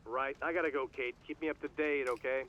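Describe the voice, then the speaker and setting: A man voicing a brisk law-firm boss over a muffled line. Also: mid-range voice, fairly even intonation, slight background noise, close to an everyday voice. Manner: brisk, businesslike. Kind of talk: video game voice acting.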